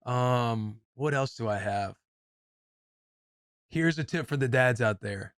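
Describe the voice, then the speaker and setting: A man in his thirties, a podcast co-host, chatting casually and chiming in with relaxed short replies. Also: medium pitch, slow pace, clear, resonant tone, dry recording, clean studio sound. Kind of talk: casual chat.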